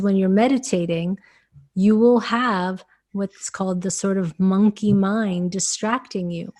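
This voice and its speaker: An American-born woman giving calm, measured spiritual guidance on a webinar call, speaking as "we". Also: medium pitch. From United States. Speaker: spiritual channeler.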